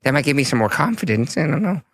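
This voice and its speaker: A man's voice: on the high side, very animated, dry recording. A man doing a timid little gnome fisherman. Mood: earnest. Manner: wide-eyed, earnest, halting. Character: timid young male gnome fisherman, naive.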